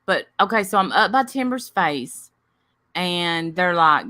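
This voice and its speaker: Bright-voiced woman telling a lively story. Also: fairly low pitch, unhurried. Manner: animated, acts out quoted voices loudly. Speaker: host. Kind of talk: casual chat, storytelling.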